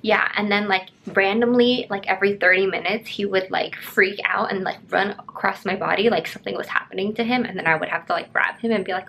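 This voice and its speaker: A woman's voice: mid-range voice, fairly quick, gravelly, few pauses, a bit bright, slight background noise. A young woman in her twenties chatting in a casual home vlog, cooing baby talk to her dog. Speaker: vlogger. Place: home, indoors.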